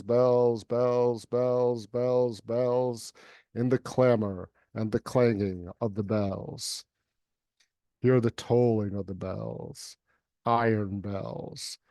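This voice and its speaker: A man who is a poet and guest reader, reciting a poem in an even, unhurried way and then chatting casually over a video call. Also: medium pitch, no echo, clean studio sound. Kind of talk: poetry recitation and casual chat.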